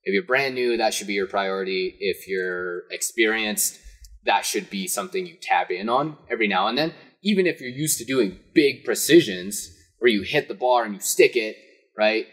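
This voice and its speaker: Husky low-voiced parkour coach. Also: male voice, normal speed, fairly bright tone. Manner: instructive, easygoing. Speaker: parkour coach, podcast co-host. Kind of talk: casual chat, giving advice.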